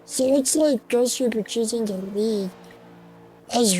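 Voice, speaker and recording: A woman commentating an online sim race, slow and halting, with fillers and restarts, and she has the hiccups. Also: fairly high pitch, dark tone, soft background music, poor audio.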